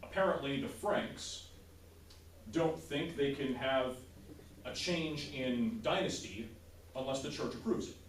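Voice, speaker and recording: A man's voice: mid-range voice, lively intonation, unhurried, slight background noise. A male teacher giving a casual history lecture in class, often checking in with his students by asking "right?". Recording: roomy, distant classroom sound.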